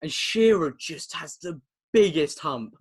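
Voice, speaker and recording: A young man with an English accent co-hosts a relaxed podcast, talking over a video call in a slightly raised pitch. He tells stories in a chatty way and laughs often. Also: a little slow, slightly rough. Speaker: podcast co-host. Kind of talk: casual chat.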